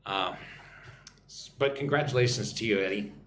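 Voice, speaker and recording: A man from Texas with an American accent, hosting a live-stream English lesson, chatty and repeating phrases slowly for learners. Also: fairly low pitch, echoey room, background noise. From Texas, United States. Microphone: phone or computer mic for live stream.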